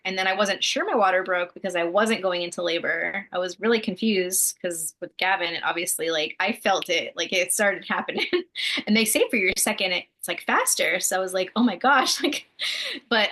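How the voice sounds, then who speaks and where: Bright-voiced young mom chatting. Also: female voice, lowish voice. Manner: relaxed, lots of fillers, laughs. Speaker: podcast co-host, mother of two. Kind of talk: casual chat.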